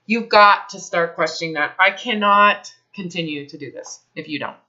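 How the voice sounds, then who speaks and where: A woman working as a health advisor speaks bluntly, emphatically, and with plenty of swearing in a counseling session. Her voice sits on the low side, bright and forceful at normal speed, and the recording is dull and lo-fi.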